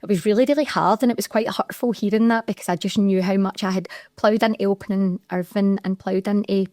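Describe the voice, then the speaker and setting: A woman's voice: medium pitch, steady tone, fairly quick, a little mellow, dry recording, clean studio sound. A young adult woman with a Scottish accent, co-hosting a podcast and telling a candid, emotional story from her own working life. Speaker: podcast co-host. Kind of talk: casual chat.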